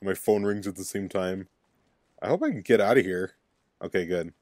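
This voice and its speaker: A young man giving casual let's-play commentary, excitable and swearing as he plays. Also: low voice, moderate pace, no echo, clean studio sound. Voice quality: excitable, swears and laughs often.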